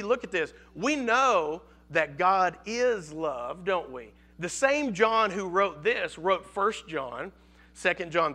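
A male pastor preaching with a high, bright voice that rings with energy. He stresses his points, repeats words as he builds up, and keeps asking his listeners questions. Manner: emphatic, asks the congregation questions, repeats words. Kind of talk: sermon.

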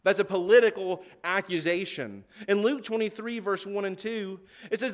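A man preaching a sermon, earnest and emphatic, slowing down to stress key words and reading scripture aloud. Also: high voice.

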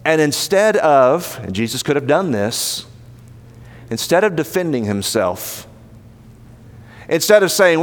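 A man preaching a sermon as pastor, emphatic and rising in pitch to stress his points. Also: sing-song, measured pace, long pauses. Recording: long hall reverb.

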